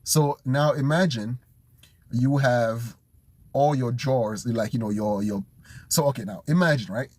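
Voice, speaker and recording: A man studying vocabulary out loud, thinking aloud, repeating words and making up memory tricks in a casual chat. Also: mid-range voice, measured pace, slightly rough. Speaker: language learner streaming his study session.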